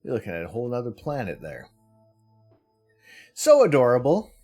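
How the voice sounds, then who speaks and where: Low-voiced man chatting on a live stream. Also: sing-song, rapid-fire, a little mellow, husky, faint music behind. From Canada. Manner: chatty, greets viewers by name, laughs often. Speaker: livestream host. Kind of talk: casual live-stream chat with viewers.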